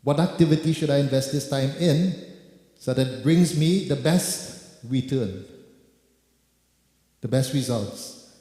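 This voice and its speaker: In an echoey temple hall with music, a man leading kirtan preaches unhurriedly, leaving long pauses. His medium-pitched voice is dark, and he addresses the devotees, repeating words for emphasis.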